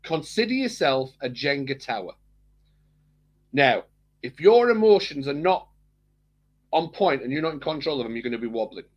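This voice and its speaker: A man's voice: mid-range voice, very animated, normal speed, long pauses, lo-fi sound. A man co-hosting a podcast, chatting casually and rambling, repeating words and laughing often. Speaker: podcast co-host. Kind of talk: casual chat.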